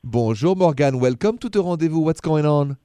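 A man's voice: on the high side, expressive, a little fast, dark tone, clear, resonant tone, no room sound. A man hosting a call-in radio advice show, chatty and coaching, repeating his key phrases to drive them home. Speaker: radio dating advice host.

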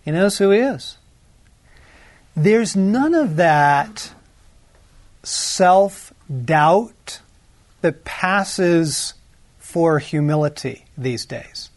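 A male pastor preaching in an easy, conversational way, with a fairly high voice. He keeps checking in with little tag questions and leans on key words. The sound is dry and close, with no room echo. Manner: shifts between slow emphasis and quick runs. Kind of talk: sermon.

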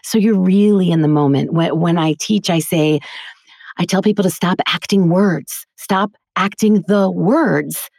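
A woman's voice: fairly low pitch, unhurried, creaky, darkish tone, no room sound, studio quality. A woman who teaches voiceover acting, talking earnestly and emphatically in a casual podcast interview.

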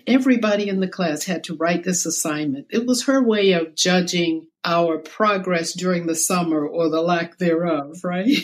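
Slow-spoken older woman telling her story. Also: fairly low pitch. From South Carolina, US. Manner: slow, reflective storytelling with quoted voices. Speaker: interview guest. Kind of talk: personal storytelling in conversation.

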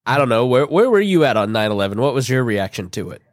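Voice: mid-range voice, very animated, fast talker, no echo. Playful co-host with a dry, close sound. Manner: playful, asks questions, tells stories with quoted voices. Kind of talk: casual chat, storytelling.

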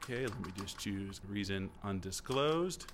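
A man's voice: lowish voice, expressive, moderate pace, background noise, lightly acted. A man playing a nosy, chatty store return clerk. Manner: chatty, nosy customer service patter.

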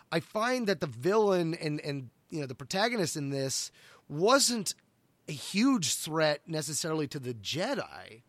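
A man's voice: on the high side, fairly bright tone, dry recording. Rambling middle-aged man chatting casually. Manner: rambling, restarts often. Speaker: podcast co-host. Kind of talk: casual book discussion.

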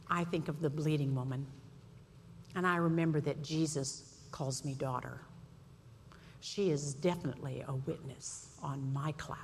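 A woman giving a storytelling sermon to a women's audience, animated and acting out voices. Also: fairly low pitch. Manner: lively storyteller, acts out voices. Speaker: speaker at a women's event. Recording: echoey hall, faint room noise.

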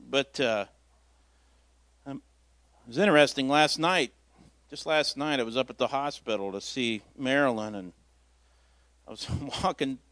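Guy preaching a laid-back folksy sermon, kinda high voice, dry close sound. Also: a bit bright, no echo. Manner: folksy, storytelling, self-deprecating with chuckles. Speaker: lay preacher filling in at church. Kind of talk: informal sermon.

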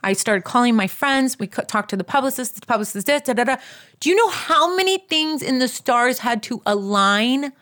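Chatty woman spilling a personal story to listeners, lively and casual, breezes past details. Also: on the high side, normal speed. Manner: animated, addresses listeners as "you guys"; fills gaps with "da, da, da".

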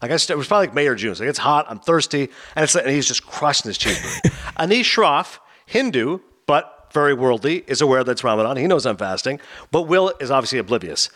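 A man's voice: mid-range voice, fast talker. A man co-hosting a podcast in casual chat, telling stories with energy and acting out the voices of the people in them. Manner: animated storyteller, acts out quoted voices. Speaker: podcast co-host.

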